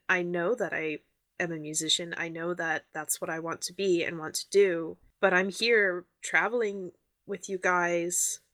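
A woman voicing a young female dwarf bard who speaks softly and hesitantly, close to tears. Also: lowish voice, dry recording. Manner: soft, hesitant, on the verge of tears.

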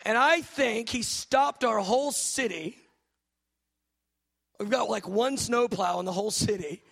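A man, a pastor preaching a charismatic sermon, swinging from soft musing to shouted preaching. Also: high-pitched, measured pace, vocal fry.

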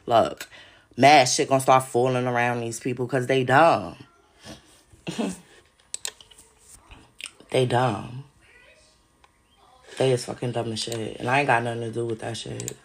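Gravelly-voiced woman ranting, profane and agitated. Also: a bass voice, steady tone, unhurried, pauses often. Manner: agitated, profane, repeats herself. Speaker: podcast host. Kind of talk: casual monologue to listeners. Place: home.

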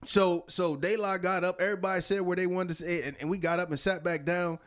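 A man in his forties from New Jersey, hosting a casual chat and telling stories in an animated, slangy way with laughs. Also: sits high, brisk.

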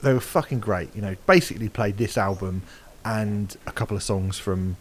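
A man's voice: lowish voice, moderate pace. A man in his forties chatting casually on a podcast, telling a story with lots of animation and swearing. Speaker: podcast guest. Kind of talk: casual chat.

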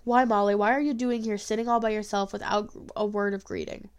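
Brief: woman reader doing a worried, hot-tempered farmer father, storybook, gruff. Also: medium pitch, fairly even intonation, a little fast, close to an everyday voice. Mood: troubled.

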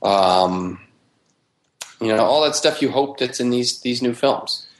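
A man's voice: medium pitch, slow. A man, a film director guest on a podcast, talking in an emphatic, driven way. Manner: emphatic, driven, talks about craft intensely. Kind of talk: casual interview talk.

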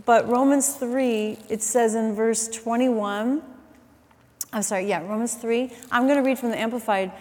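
A middle-aged woman delivers a sermon in a somewhat high voice, chatty and animated, full of asides and self-corrections. Her voice carries the long reverb of a large church hall. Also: unhurried. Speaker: preacher. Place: church auditorium.

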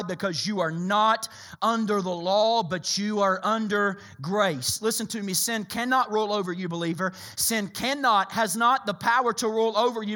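A man preaching a sermon as a pastor, impassioned, swinging from loud bursts to hushed lines. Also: high voice.

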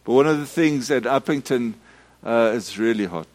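A middle-aged Methodist minister, giving a storytelling sermon full of restarts and acted-out shouts. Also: male voice, mid-range voice, moderate pace. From South Africa.

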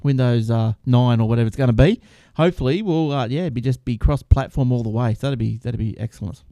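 A rambling man hosts a casual tech show, his voice mellow and darkish. The sound is dry and close, with little room to it. He restarts sentences often and laughs along as he goes. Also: medium pitch, fast talker, no echo. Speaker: podcast host.

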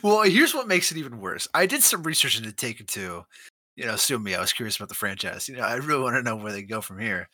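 A man co-hosting a casual movie podcast, animated and laughing as he acts out scenes. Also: medium pitch, no echo. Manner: animated, laughing, acting out scenes in quick voices. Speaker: podcast co-host. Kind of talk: casual movie-discussion chat.

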